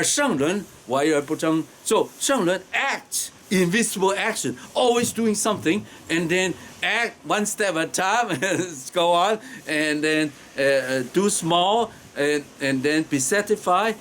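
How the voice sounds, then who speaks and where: A man with a strong non-native accent gives an informal lecture, pausing often on fillers and breaking into chuckles. His voice sits a little high for a man. A faint background hum runs underneath. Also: a bit bright. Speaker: teacher explaining Tao Te Ching.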